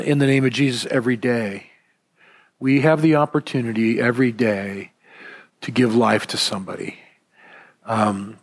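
A man giving a conversational sermon as a pastor, telling personal stories in a relaxed, rambling way with gentle self-deprecating humor and frequent fillers and restarts. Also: medium pitch.

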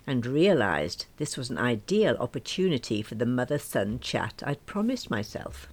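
A woman's voice: rumbling low, a little mellow. A woman in her late forties reading a first-person story aloud with wry, dry humour. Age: late 40s. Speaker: narrator.

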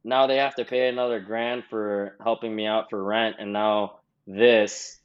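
A man's voice: on the low side, flat delivery, unhurried, smooth. A man in his twenties, a podcast guest, telling a long story in casual chat with lots of "like" fillers. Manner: rambling, heavy on "like". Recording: slightly dull lo-fi sound.

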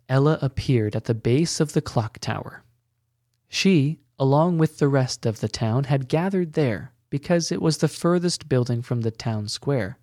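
Slow, measured male storyteller. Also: mid-range voice, warm tone, dry recording, studio quality. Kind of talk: scripted narration.

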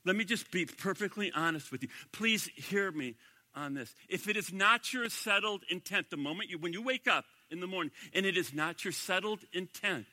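A man's voice: high-pitched, expressive, normal speed, sharp tone, big-room sound. A man preaching a sermon as pastor, emphatic and repeating his key phrases.

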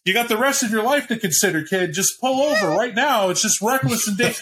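A man voicing a police negotiator on a loudspeaker, pleading with a runaway driver in a soothing way. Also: high-pitched, expressive, a little fast, slight background noise, voice pushed up. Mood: coaxing.

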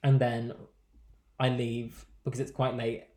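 A man's voice: mid-range voice, unhurried, echoey room. A young man telling a night-out story in casual podcast chat. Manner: chatty, animated storytelling.

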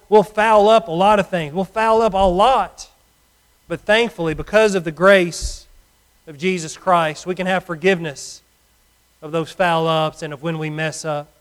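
A middle-aged man preaching a sermon to his congregation, earnest and emphatic, his loudness rising and falling as he makes his points. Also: high-pitched, clear, resonant tone.

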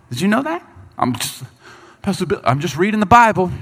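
A man preaching a sermon, reading scripture and breaking into quick acted asides as the people he talks about. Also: sits high, husky. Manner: animated preaching, voices Bible figures and people in quick asides. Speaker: pastor.

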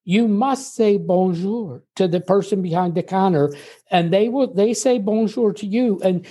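The speaker is an older American guest in an easygoing interview with a high voice whose quality is warm and mellow rather than bright. He leans on brief anecdotes while explaining steadily, in a conversational storytelling style.

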